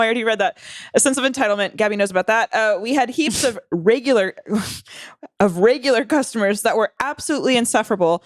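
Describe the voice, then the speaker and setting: A woman's voice: on the high side, no echo, studio quality. A woman co-hosting a casual podcast, reading listener stories aloud with blunt, profane commentary and frequent laughs. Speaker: podcast co-host.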